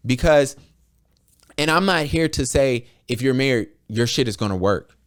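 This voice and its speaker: A young adult American man hosting a podcast speaks in an animated mid-range voice at a moderate pace. Candid and blunt, he swears a lot and plays out conversations in quoted voices.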